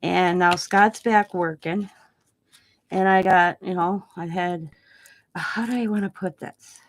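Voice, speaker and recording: A woman's voice: lowish voice, steady tone, slow pace. A middle-aged woman and crafting vlogger talking in a casual, rambling, heartfelt way with many restarts. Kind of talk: casual chat.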